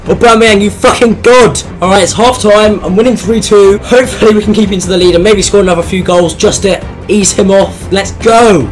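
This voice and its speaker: A man with a hoarse, damaged voice, giving excited, sweary commentary on his own football video game match and yelling at goals. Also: sits high, fairly quick, hardly any pauses, faint music behind. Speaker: gaming YouTuber.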